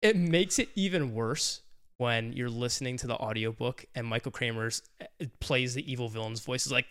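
Man, podcast co-host, casual chatter, middle pitch, animated retellings. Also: normal speed, clear, resonant tone. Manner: animated, gets loud and high when retelling scenes. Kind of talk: casual book discussion.

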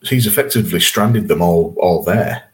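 With a low voice at a moderate pace and a bit of hiss or hum in the recording, a podcast co-host chats casually about an episode, laughing frequently.

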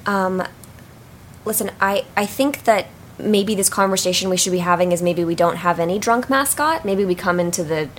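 A woman improvising a comedy scene, hesitant and flustered, with many pauses and ums. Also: lowish voice, a little hiss or hum. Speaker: improv performer. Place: small theater stage.

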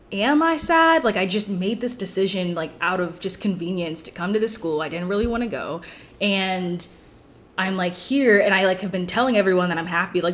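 Chatty young woman telling a story. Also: mid-range voice. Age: young adult. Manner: rambling, fills with "like" constantly. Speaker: podcast guest. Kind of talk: casual storytelling.

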